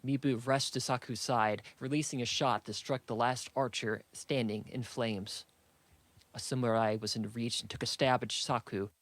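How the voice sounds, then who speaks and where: The narrator is a man reading fantasy fiction aloud at a steady, deliberate pace. His voice is mid-range, and no room sound can be heard.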